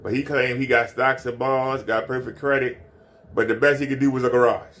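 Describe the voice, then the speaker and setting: A man's voice: medium pitch, flat delivery, a little fast, a bit bright. Man ranting in a mocking, repetitive way. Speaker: commentary streamer. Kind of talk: ranting commentary.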